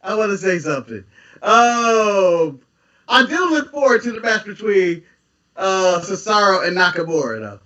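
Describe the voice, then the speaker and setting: High bright guy co-hosting a podcast, emphatic and laughy, kinda far off the mic. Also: big pitch swings, measured pace. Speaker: podcast co-host. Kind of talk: casual chat. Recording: dull audio from off-mic.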